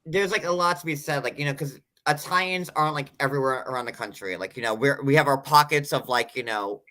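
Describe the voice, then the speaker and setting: A woman with a notably low but bright voice talks loosely on a chat panel. She rambles, restarts and leans on "like" constantly. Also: fast. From tri-state area of the US. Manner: rambling, heavy use of "like". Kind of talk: casual podcast chat.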